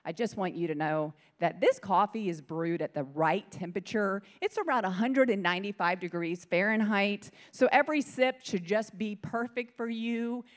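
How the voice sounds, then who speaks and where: A woman's voice: medium pitch, moderate pace, few pauses, natural voice. A woman voicing a kind, gracious coffee volunteer who speaks in an attentive, accommodating way.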